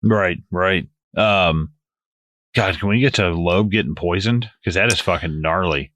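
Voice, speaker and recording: A man's voice: deep voice, unhurried, no room sound. A man co-hosting a podcast, chatting casually about a film in a rambling way, with frequent restarts and swearing. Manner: rambling, lots of restarts and swearing, animated asides. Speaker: podcast co-host. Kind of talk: casual film commentary chat.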